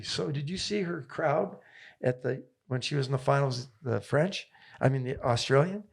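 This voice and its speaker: Gravelly older coach, fired up. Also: male voice, medium pitch, normal speed. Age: 70s. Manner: enthusiastic, repetitive rallying phrases. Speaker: tennis coach. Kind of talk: interview guest storytelling.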